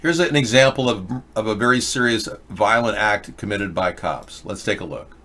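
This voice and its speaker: A man's voice: on the low side, normal speed, sharp tone. An older man hosting a show, giving rambling, opinionated commentary on video clips with frequent restarts. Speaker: host.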